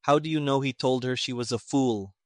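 A man reading a story, voicing an irritated male army colonel who talks gruffly and sarcastically, raised above his narration. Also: medium pitch, fairly quick, no echo, clean studio sound, close to an everyday voice.

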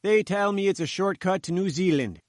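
A man's voice: sits high, normal speed, no room sound, clean studio sound, pitched above the performer's own voice, natural voice. A man voicing a fat little pushy male journalist who sputters and bleats. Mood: pleading.

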